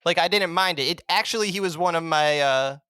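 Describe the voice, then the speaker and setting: A man's voice: a little high, fairly quick, pushed and bright, clean tone, dry recording, clean studio sound. A young man co-hosting a casual podcast chat, easygoing and teasing, often laughing. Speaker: podcast co-host.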